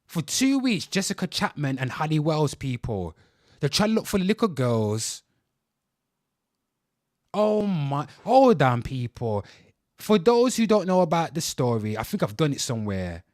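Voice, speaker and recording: A young man on a reaction commentary show rants at his viewers, swearing freely and turning back to address them over and over. His voice sits high for a man and swoops through a wide range. The recording is close and dry, with no room sound. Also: big pitch swings, a little slow, darkish tone, no room sound. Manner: heated, swearing, repeatedly addressing "people". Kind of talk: profane ranting commentary to viewers.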